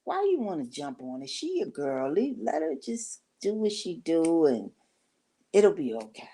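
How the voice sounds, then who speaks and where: Middle-aged woman, very low voice, chatty storyteller. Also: very animated, measured pace, dark tone, breathy edge. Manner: rambling, conversational, acts out quoted talk. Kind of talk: casual storytelling to camera.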